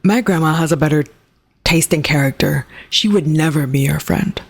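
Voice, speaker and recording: A woman's voice: deep voice, normal speed, breathy edge. A woman voicing an indignant young woman who snaps back at an old bully. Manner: sharp, indignant. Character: young woman, bitter and defiant.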